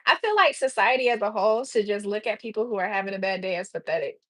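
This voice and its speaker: A woman's voice: mid-range voice, expressive, fast talker, dry recording, rough recording. A young woman chats on a livestream as she cooks, answering her chat in a sassy, teasing way. Her voice is close to the mic and dry, with no room around it. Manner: sassy, talks back to the chat. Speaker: live streamer. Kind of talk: casual livestream chat while cooking.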